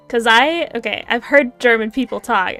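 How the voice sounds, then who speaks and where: A giggly woman streamer in casual chat, speaking slowly in a slightly high voice. She talks in a light, apologetic way, with faint music under her. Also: creaky, bright, forceful tone. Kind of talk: casual chat on a game livestream.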